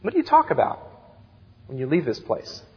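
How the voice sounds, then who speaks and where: A man in his thirties preaching a sermon as youth director, telling stories with animated, acted-out voices, heard in a church sanctuary. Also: fairly high pitch, normal speed. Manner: animated storytelling, acts out excited voices. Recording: dull sound with long church reverb.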